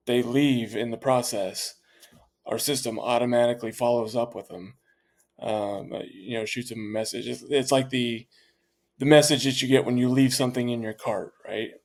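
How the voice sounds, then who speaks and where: A franchise owner talks through his business as a guest on a podcast. He sounds confident and conversational, with plenty of ums and false starts. It is a plain male voice at an ordinary pitch. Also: a little mellow. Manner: conversational, with frequent fillers and restarts. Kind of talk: candid interview talk.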